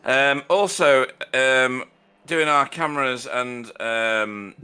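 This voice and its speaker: Bright, crisp man commentating. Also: mid-range voice, slow pace. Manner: chatty, dry self-deprecating humor. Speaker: sim racing commentator. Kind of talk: live race commentary.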